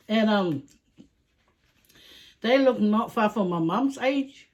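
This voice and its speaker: A woman's voice: mid-range voice, animated, takes it slowly, long pauses. A middle-aged woman vlogger chatting casually while answering viewer questions at a meal, laughing often. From Samoa. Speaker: YouTube vlogger.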